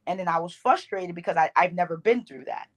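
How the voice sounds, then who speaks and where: A woman's voice: fairly low pitch, quick pace. A young woman from the Bronx with a New York accent, a poet talking casually in an interview, loose and slangy with lots of fillers. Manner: loose, slangy, animated storytelling with many fillers. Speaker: poet guest.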